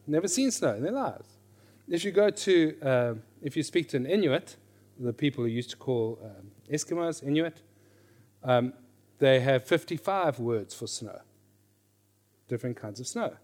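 A middle-aged man teaching a class on reading scripture. He is lively, questions his listeners, and repeats his key phrases. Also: medium pitch, moderate pace. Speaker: Bible teacher.

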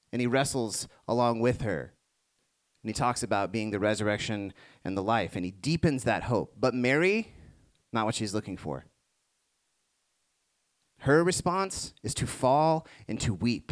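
A man preaching a sermon to a congregation, moving between hushed reflective passages and rising emphatic ones. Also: medium pitch. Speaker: pastor.

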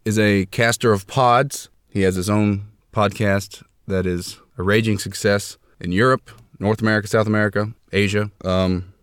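Deep-voiced man hosting a rambling podcast. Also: fairly even intonation, moderate pace, few pauses, clean tone, no room sound, clean studio sound. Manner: mock-grandiose, rambling with fillers. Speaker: podcast host. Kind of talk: comedic podcast chat. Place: closet.

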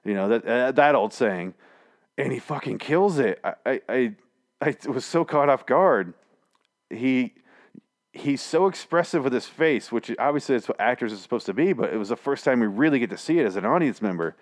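A man's voice: medium pitch, expressive, normal speed. A man hosting a casual, rambling TV episode recap, full of swearing and restarts. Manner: profane, rambling, frequent restarts.

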